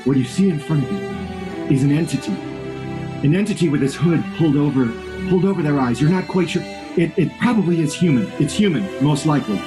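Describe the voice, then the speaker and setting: Playful, animated man player. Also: a little high, fast talker, music in the background. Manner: jokey, exaggerated, repeats himself. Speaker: tabletop game player. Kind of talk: playful in-character banter.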